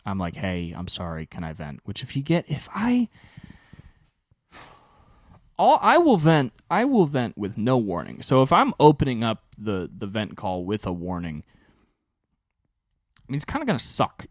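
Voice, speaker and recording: A young man hosting a podcast, telling a long story alone in an animated, exasperated way and swearing often. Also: mid-range voice, brisk, dry recording, studio quality. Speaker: podcast host. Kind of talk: solo storytelling monologue.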